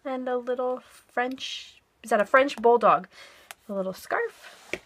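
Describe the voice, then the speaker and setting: This craft vlogger, probably middle-aged, talks unhurriedly in a voice on the high side and a bit bright. She casually describes her craft purchases to viewers in a haul and flip-through.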